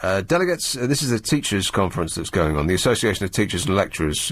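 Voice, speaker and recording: Brief: sarcastic male talk-radio host, lively up-and-down delivery, close dry studio mic. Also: low-pitched, quick pace, dry recording. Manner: sardonic, mocking. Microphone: studio microphone.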